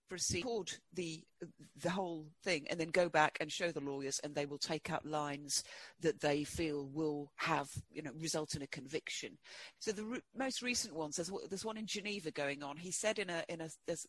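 A man being interviewed as a guest, talking in a halting way with many fillers and restarts. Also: fairly high pitch, a bit bright. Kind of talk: interview conversation.

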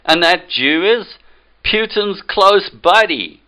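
A man lecturing in an emphatic, opinionated monologue. He speaks slowly and drives each point home with repetition. His voice is forceful and bright, with a smooth, clear tone. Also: high voice, lively intonation, poor audio. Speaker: political commentator.

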